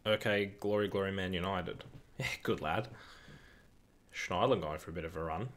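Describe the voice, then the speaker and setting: Deep-voiced young man on a live stream. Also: normal speed. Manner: excitable, swearing, reads chat aloud. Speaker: streamer hosting a football watch-along. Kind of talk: casual live-stream chat and commentary.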